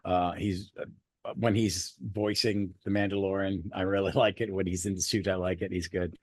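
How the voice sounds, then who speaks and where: A man co-hosting a podcast, chatting casually about a superhero movie, rambling and swearing freely with animated bursts. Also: sits low, moderate pace, slightly rough, no echo, clean studio sound. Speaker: podcast co-host. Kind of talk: casual movie review chat.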